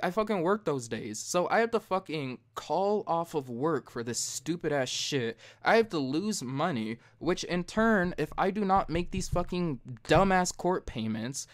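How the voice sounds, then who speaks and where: A young man hosting a casual late-night podcast, retelling a story in a profane, heated way. He jumps high and loud when he imitates himself. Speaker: podcast host.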